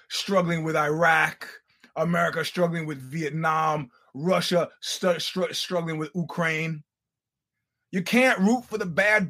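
An older man hosting a podcast, telling stories in a casual, animated, profane way with laughing asides. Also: on the high side. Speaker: podcast host. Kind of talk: casual storytelling monologue.

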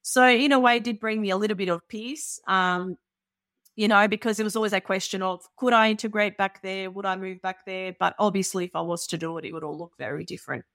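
A Balkan woman in her 30s, an interview guest, tells candid personal stories earnestly and animatedly, full of filler like "you know." Her mid-range voice is brisk, close and dry, with no echo.

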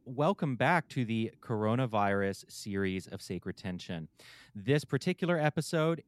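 A man's voice: on the low side, no room sound. A man hosting his own podcast from a room at home, chatty and candid, poking fun at himself as he reads sponsors and thanks listeners. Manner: candid, chatty and self-deprecating. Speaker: podcast host. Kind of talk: casual podcast intro and sponsor read.

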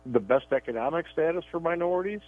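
A man's voice: fairly high pitch, expressive, quick pace. A man co-hosting a political radio show, talking emphatically and often repeating words as he starts his sentences. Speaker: radio show co-host and columnist. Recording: tinny phone line, dry.

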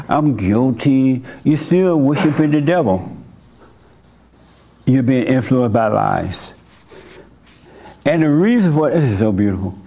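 This older host and church leader has a gravelly, mellow, mid-range voice. Counseling a congregation member at a church meeting, he offers frank, homespun spiritual guidance and chuckles from time to time.

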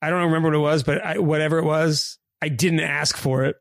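A man co-hosting a podcast, chatting casually and joking in quick asides. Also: fairly high pitch, steady tone, vocal fry, no echo, studio quality. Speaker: podcast co-host. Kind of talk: casual chat.

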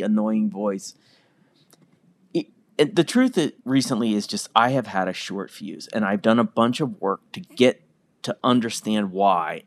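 A man's voice: lowish voice, dry recording. A man hosting a podcast, telling a personal story in a candid, self-deprecating, conversational way. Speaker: podcast host. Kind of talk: personal monologue.

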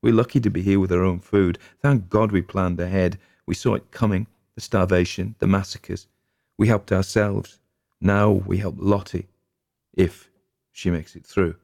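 A man voicing gruff tired husband Robert. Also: sits low, steady tone, normal speed, darkish tone, no room sound, studio quality. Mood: weary. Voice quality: gruff and grumbling. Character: weary, blunt middle-aged farmhouse husband.

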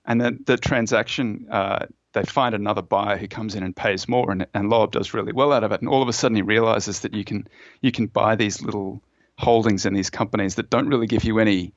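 A man's voice: on the low side, fairly even intonation, brisk, no echo. Guy on a podcast telling a long story, lots of um and you know, dull dry audio. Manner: storytelling, with frequent fillers and restarts. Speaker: author and fund manager, guest. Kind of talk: conversational explanation in a podcast interview.

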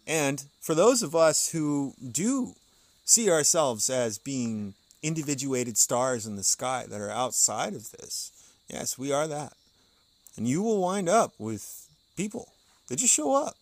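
Out on a porch, a podcast host reads from an occult text and explains it in casual spoken commentary. His medium-pitched voice swings widely in pitch and runs a little slow, with no echo, and he chuckles often while musing between the passages he reads aloud.

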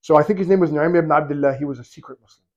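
A man preaching in a storytelling sermon, acting out the people in the story and swinging from loud to hushed. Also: fairly high pitch, racing, highs cut off. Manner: animated, acts out quoted voices, swings from loud to hushed.

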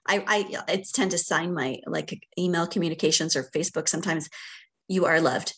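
A middle-aged woman, a podcast guest, speaking in a reflective, unhurried way, with frequent fillers and light laughter. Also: fairly low pitch, steady tone, a bit bright, slightly rough. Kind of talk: casual conversation.

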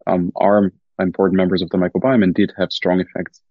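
Low husky man with a German accent. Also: flat delivery, fairly quick, no echo, phone-quality sound. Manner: careful, explanatory, frequent fillers and restarts. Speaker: guest scientist. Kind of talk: podcast interview.

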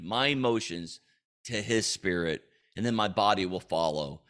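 A man with a somewhat low voice hosts a faith-based coaching podcast. He talks in a punchy, emphatic way and often checks in with his listeners. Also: fairly bright tone. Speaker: podcast host.

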